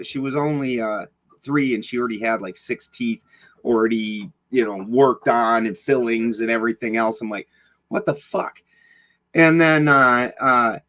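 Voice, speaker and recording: Middle-aged man, mid-pitched, plainspoken and blunt, talks in loose rambling runs over a video call. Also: sharp tone, rough recording. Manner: rambling and blunt, swears freely, many fillers and restarts. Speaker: podcast guest. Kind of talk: casual storytelling interview.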